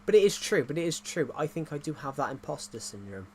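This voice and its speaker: A man's voice: fairly high pitch, big pitch swings, fast, a little hiss or hum. A man streaming a video game, chatting casually with viewers in a rambling, jokey way, often restarting his sentences. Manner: rambling, self-correcting, jokey. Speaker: gaming streamer. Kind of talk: casual livestream chat while playing.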